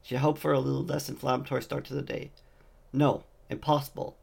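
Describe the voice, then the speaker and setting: Gravelly man reading a fantasy novel. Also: mid-range voice, flat delivery, racing, a little mellow. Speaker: audiobook reader.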